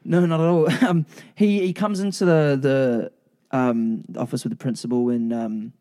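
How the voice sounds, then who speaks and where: A man's voice: medium pitch, steady tone, a little slow, mellow. A man with a New Zealand accent co-hosting a casual podcast chat, joking, swearing freely and laughing often. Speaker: podcast co-host. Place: flat, indoors.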